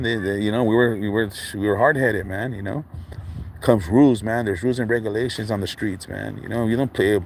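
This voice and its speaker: A man's voice: mid-range voice, gravelly. A middle-aged man, talking casually on a livestream in street slang and filling his lines with man and dog. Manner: laid-back street slang, constant fillers like man and dog. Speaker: livestream host. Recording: faint background noise.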